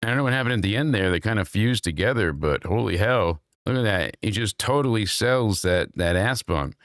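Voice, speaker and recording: A man hosting a casual podcast chat, reacting to clips. He swears loudly and his pitch jumps high when he gets worked up. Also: lively intonation, a little fast, no echo, clean studio sound. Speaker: podcast host.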